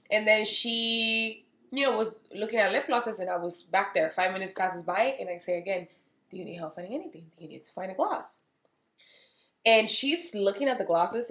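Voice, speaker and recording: Thirty-something woman vlogging, talks straight to camera, voices everyone in her story, roomy echo. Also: mid-range voice. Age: 30s. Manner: candid storytelling, acting out dialogue. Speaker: beauty vlogger. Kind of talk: casual vlog monologue.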